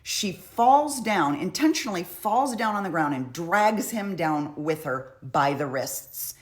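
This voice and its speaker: A woman's voice: on the low side, expressive, measured pace. A woman casually recapping courtroom testimony in a chatty, conversational way. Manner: chatty, conversational, frequent "like" and "you know". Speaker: true crime commentator.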